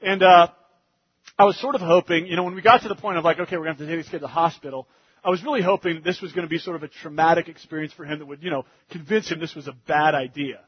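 A man preaching, telling a family story in an animated way that gets loud and fast in the funny parts. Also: fairly high pitch, slightly rough, muffled recording. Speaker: pastor. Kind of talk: sermon storytelling.

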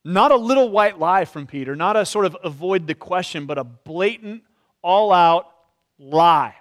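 Male pastor, high voice, reflective expository preaching in church. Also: animated, moderate pace. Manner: reflective, often hedges with "sort of". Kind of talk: expository sermon.

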